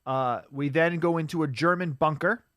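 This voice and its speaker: A man's voice: fairly high pitch, moderate pace, a bit bright, no room sound, studio quality. A man co-hosting a casual podcast, animatedly retelling a bad movie with frequent laughs and "uh" fillers. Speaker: podcast co-host. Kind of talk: casual movie-riffing chat.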